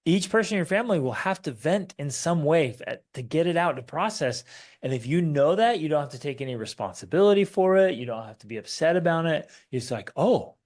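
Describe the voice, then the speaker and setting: Animated man co-hosting a family podcast. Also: a little high, fast talker. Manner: animated storytelling, acts out quotes in raised voices. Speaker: podcast co-host. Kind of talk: casual conversational teaching.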